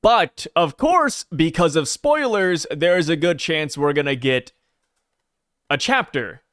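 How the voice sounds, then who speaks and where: Man, podcast co-host, animated pitch, slightly high, dry close recording, crude jokes. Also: dry recording. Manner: lively, crude joking, slows to explain schedules. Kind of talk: casual chat.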